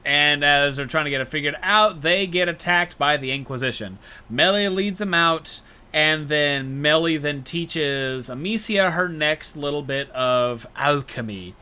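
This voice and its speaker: A man's voice: on the high side, unhurried, sharp tone, clean tone. A man co-hosting a casual gaming podcast, rambling through a game's story and acting out characters' lines as jokes. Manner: rambling game recaps with joking acted-out quotes. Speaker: podcast co-host.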